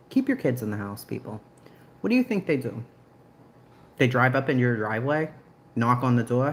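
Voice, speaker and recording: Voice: medium pitch, lively intonation, moderate pace, pauses often, a little hiss or hum. Snarky, profane livestream host. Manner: snarky and profane, laughs often. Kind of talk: casual livestream commentary.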